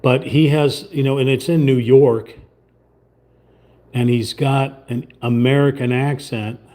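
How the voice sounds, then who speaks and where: A man's voice: medium pitch, fairly even intonation, unhurried, warm tone. A man hosting a livestream, chatting casually and rambling while he paints at a table, sometimes trailing off into muttering. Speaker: livestream host.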